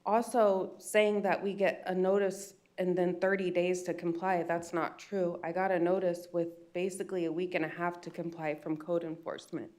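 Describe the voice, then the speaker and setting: A woman's voice: on the low side, little pitch movement, moderate pace, few pauses, a little mellow. A woman with an American accent, a business owner making an upset, emotional public comment at a county meeting. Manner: upset, pleading, retells phone calls.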